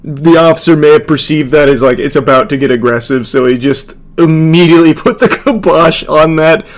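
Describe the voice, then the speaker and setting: Man, sarcastic video commentary, slightly higher voice, loose swearing. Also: normal speed. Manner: sarcastic, mocking, swears freely.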